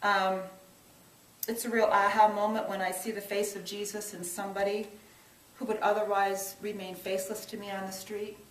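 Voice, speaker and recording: A middle-aged woman shares a personal testimony in an earnest, reflective voice, restarting phrases and pushing certain words hard. Her pitch sits mid-range. The sound is roomy and a little distant, with faint ambience behind it. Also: level tone, normal speed. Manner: earnest, reflective, with many restarts and emphatic rises. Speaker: church social service minister.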